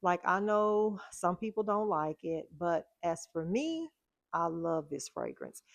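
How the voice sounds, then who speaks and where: Chatty woman, lowish voice. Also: expressive, unhurried, gravelly, no room sound. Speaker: fragrance vlogger. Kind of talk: casual chat.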